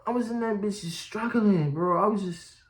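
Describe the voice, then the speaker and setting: A man's voice: high-pitched, moderate pace, slight background noise. A man telling a storytime vlog in slangy talk, laughing often as he goes. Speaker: vlogger.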